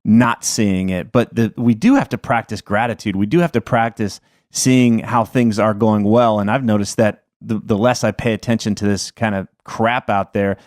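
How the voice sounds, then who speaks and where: A man's voice: on the low side, normal speed, a little mellow, dry recording, studio quality. A man hosting a podcast interview, enthusiastic and openly emotional in casual conversation. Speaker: podcast host.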